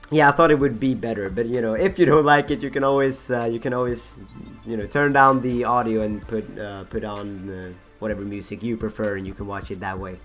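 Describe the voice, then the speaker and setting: Young male gaming host, husky and rambling, self-mocking, with faint background music. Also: medium pitch. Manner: rambling, self-mocking, many fillers and restarts. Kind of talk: rambling gameplay commentary.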